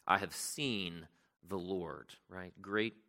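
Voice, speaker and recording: A pastor preaches conversationally, often asking "right?" and reading scripture aloud with added emphasis. His voice is deep, bright, and forceful, and he speaks slowly.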